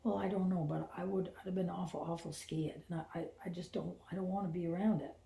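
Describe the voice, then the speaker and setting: A frightened little five-year-old girl, timid and pleading, as a woman with a low, mellow voice puts her on. She sounds a touch higher than the grown woman. The sound is roomy, with echo around it. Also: steady tone, fast talker, creaky. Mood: scared.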